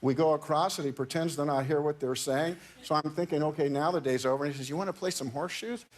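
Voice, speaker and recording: Talk show guest, male, voice a touch high, chatty anecdote, stops and restarts often. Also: fairly even intonation, a little hiss or hum. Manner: halting, restarts and repeats words. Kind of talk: telling an anecdote in casual chat.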